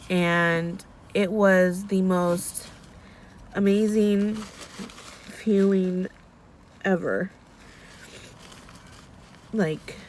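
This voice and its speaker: A woman's voice: on the low side, slight background noise. A young woman vlogging in a casual, rambling way, often restarting her sentences and growing emotional. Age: young adult. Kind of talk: casual chat.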